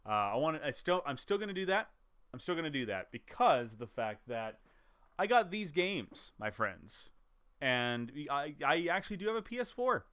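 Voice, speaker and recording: A man's voice: fairly high pitch, very animated, normal speed, fairly bright tone, smooth, no echo, studio quality. A man, a gaming YouTuber, chatting casually to camera about his year, rambling with restarts and chuckles.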